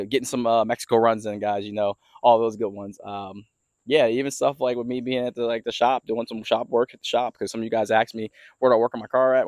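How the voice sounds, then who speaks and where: A young man with a fairly low voice rambles through a casual story, heavy on fillers, in an easygoing vlog manner. He films himself outdoors in his yard and walks around while he talks. The recording is dry and close, with almost no room sound. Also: darkish tone, no room sound. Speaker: car vlogger.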